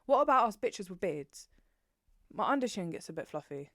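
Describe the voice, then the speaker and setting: Sweary, animated woman chatting books. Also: medium pitch, normal speed, dry recording, studio quality. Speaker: book vlogger. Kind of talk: casual chat to camera.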